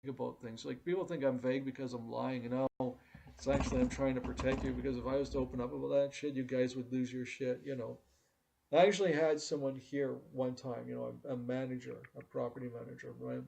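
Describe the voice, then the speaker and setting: Gravelly man rambling to his audience. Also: mid-range voice, fairly even intonation, fast talker, background noise. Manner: confiding, rambling, loses his words. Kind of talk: casual monologue to an audience.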